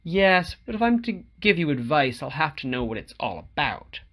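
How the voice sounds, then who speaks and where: A curious young woman who lodges in a boarding house, quick to tease and a little wary of her visitor, as a man reading the book puts her on. Her voice sits higher than the narrator's own, bright and animated, rising and falling freely as she talks in an audiobook. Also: exaggerated voice. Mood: lively. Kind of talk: audiobook character voice.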